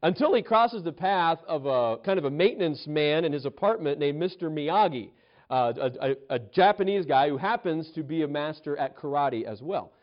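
A man's voice: on the high side, lively intonation, normal speed, lo-fi sound. A male pastor preaching a sermon, telling a story with frequent restarts and acted-out quotes.

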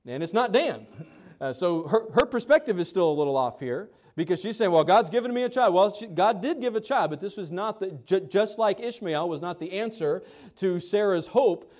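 Male pastor, somewhat high voice, chatty sermon delivery, stumbling restarts, dull lo-fi recording. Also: lively intonation, normal speed. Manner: conversational preaching with frequent restarts and acted quotes. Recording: dull lo-fi sound.

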